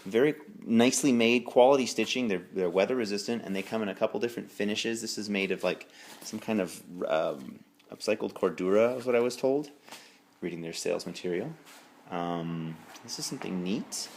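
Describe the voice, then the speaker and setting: A bike shop owner giving a casual late-night walkthrough of his store, relaxed and rambling with fillers and self-corrections. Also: on the low side, fairly quick, slight background noise. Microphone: handheld camera while walking.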